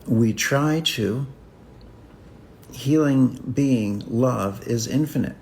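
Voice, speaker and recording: A man teaching about healing in a reflective spiritual talk, speaking in slow, repetitive, contemplative phrases with long pauses. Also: mid-range voice, gravelly, a little mellow, a little hiss or hum.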